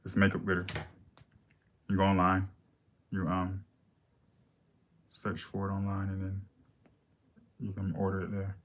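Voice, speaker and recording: A man's voice: low-pitched, completely flat delivery, measured pace, pauses often. A man hosting a makeup livestream, answering viewer questions in blunt, sassy casual chat.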